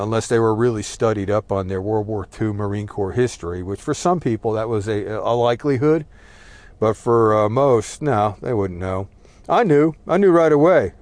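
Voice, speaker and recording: A man's voice: fairly low pitch, a little mellow, no echo. A middle-aged man from New Jersey telling a long, casual, rambling story, swearing freely and checking in with "right?" as he goes. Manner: rambling, profane, with frequent "right?" and "uh". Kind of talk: casual spoken monologue.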